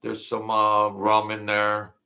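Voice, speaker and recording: Gravelly man, middle-aged, casual late-night host, slow and rambling, sharp-edged voice. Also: fairly low pitch, monotone. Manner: rambling, reminiscing, jokey, with many fillers. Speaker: livestream host. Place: home.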